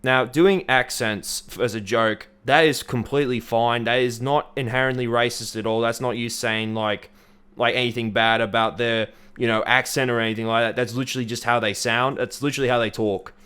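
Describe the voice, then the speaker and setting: A man's voice: medium pitch, fairly even intonation, a little fast, bright, forceful tone, clear, resonant tone. An Australian man giving blunt, sweary, opinionated commentary as a YouTuber.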